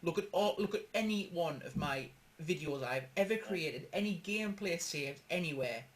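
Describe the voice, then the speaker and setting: A man's voice: a little high, lively intonation, moderate pace. A man with a Geordie accent hosting a casual gaming chat, chatty and laughing, with some swearing. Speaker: gaming channel host. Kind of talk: casual banter podcast.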